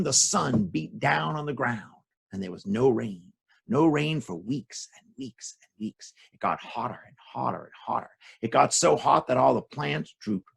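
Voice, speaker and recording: Gravelly, animated children's storyteller man. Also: medium pitch. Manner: animated, with sound effects. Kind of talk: lively folktale storytelling for children.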